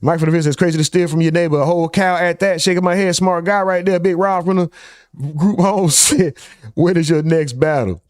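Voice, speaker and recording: High-voiced man reading live chat. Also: fairly even intonation, a little fast, darkish tone, no echo, studio quality. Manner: loose, joking, reads chat names aloud. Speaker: live stream host.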